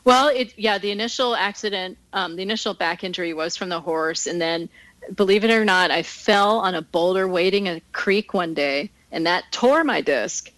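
A woman's voice: fairly low pitch, moderate pace, fairly bright tone, no room sound, poor audio. A woman talking casually as a guest, telling fishing stories with frequent laughter. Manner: chatty, laughs often, storytelling. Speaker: guest angler. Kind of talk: casual interview chat.

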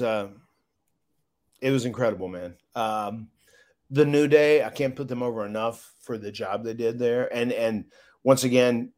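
A man speaking as an interview guest, his voice at a middle pitch. He tells his story in a loose, heartfelt way. He keeps stumbling over his words and starting again. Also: a little mellow. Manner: emotional, rambling with many restarts. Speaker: guest, former wrestler.

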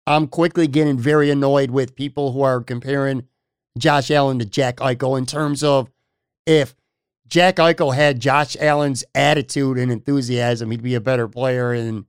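A man hosting a sports podcast, speaking in casual chat with measured emphasis and addressing listeners. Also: mid-range voice, fairly even intonation, smooth, dry recording, studio quality. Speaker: podcast host.

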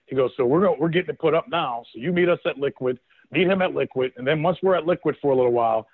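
A man in his thirties, a former football player appearing as a guest on a call-in show, tells a casual story with lively energy, laughing often and imitating what other people said. His rather high voice comes rapid-fire with a breathy edge. The sound is thin and phone-like, with no room ambience at all.

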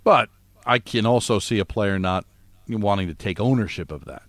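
A man co-hosting sports talk radio, arguing his case with rapid rhetorical questions. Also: on the low side, no room sound.

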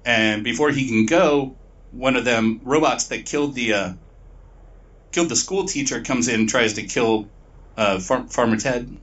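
A man's voice: medium pitch, a bit bright, distant mic. A man talks through a story's plot in loose, rambling chat, swearing freely and dropping into brief mock voices for the characters. He sits back from the mic, and the recording sounds dull and muffled. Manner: profane, rambling retelling with quick put-on voices. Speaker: podcast co-host. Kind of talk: casual plot recap.

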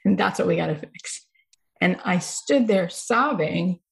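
Woman host, lowish voice, gushing and chatty, tells stories. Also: animated, measured pace, vocal fry. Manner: effusive, storytelling. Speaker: podcast host. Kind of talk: conversational interview.

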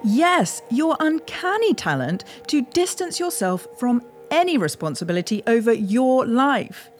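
A woman's voice: fairly high pitch, sing-song, unhurried. A woman with a British accent, playing the lecturing inner voice of a man's primal brain in an audio drama. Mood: urgent. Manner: condescending, lecturing, sharp. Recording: voice over music bed.

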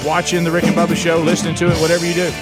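A man co-hosting a radio call-in show, playful and loud, given to shouting and chanting on cue. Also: fairly high pitch, monotone, racing, loud music behind the voice. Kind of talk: lively radio call-in banter.

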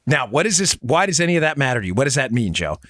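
Very animated and rapid-fire, a man with a slightly bright voice hosts a political commentary podcast in dry, clean studio sound. He talks straight to listeners as folks, emphatic and sarcastic, and his pitch goes up when he's fired up.

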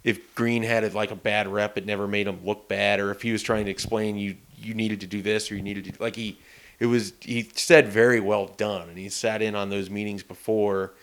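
A man's voice: lowish voice, level tone, a little fast. A man co-hosting a casual sports podcast, telling stories in an easygoing, rambling way. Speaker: sports reporter and co-host.

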